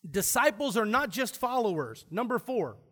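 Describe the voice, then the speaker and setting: A high-pitched man preaches to his congregation in a church. He speaks with emphasis and keeps posing questions to the room, then answers them himself. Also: sing-song, normal speed, a bit bright. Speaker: pastor. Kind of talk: sermon.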